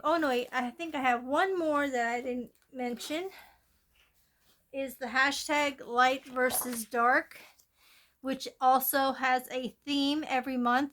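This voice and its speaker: Slow, high-voiced woman chatting about coloring. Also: fairly bright tone. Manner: chatty, meandering, with many fillers and restarts. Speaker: coloring channel host. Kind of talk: casual show-and-tell of coloring plans. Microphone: phone filming from above.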